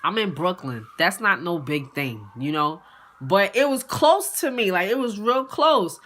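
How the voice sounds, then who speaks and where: A young woman, telling an animated, profane storytime straight to her viewers. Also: fairly low pitch, unhurried. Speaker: vlogger. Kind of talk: casual storytime.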